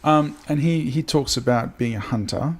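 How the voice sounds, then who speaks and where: A man hosting a casual interview in a home lounge room, mostly murmuring agreement and then explaining ideas in a measured way. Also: on the high side. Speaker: podcast host.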